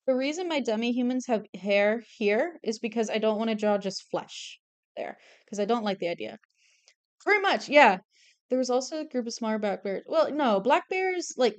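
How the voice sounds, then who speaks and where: A young woman chats away casually while drawing on stream, her voice smooth and clean. She gets excitable and swears freely, rambling from one thought to the next. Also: fairly high pitch. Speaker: artist streamer.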